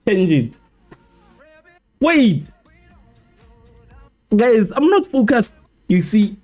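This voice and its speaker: Animated man hosting a stream. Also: fairly high pitch. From South Africa. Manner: animated, repetitive, joking with chat. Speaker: live stream host. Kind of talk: casual match watchalong commentary.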